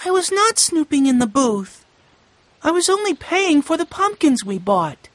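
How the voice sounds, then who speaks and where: A man voicing a timid young girl in a storybook reading, in a high, strained girlish voice. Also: very animated, a little slow, fairly bright tone, dry recording, heavily acted. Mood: hurt.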